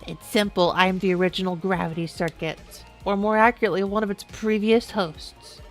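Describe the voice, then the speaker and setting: A man voicing a calm, menacing male robot who once hosted a strange power, explaining things in a smooth villain monologue. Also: high voice, fairly quick, soft background music. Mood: ominous.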